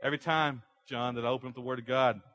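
A man's voice: medium pitch, steady tone, fast, fairly bright tone. A man preaching a sermon to a congregation, building energy with rhetorical questions. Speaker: pastor. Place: church sanctuary.

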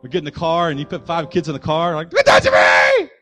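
A man's voice: fairly high pitch, steady tone, fast, shouting, soft background music. A man preaching a sermon as pastor, with rising and falling emphasis and acted-out voices.

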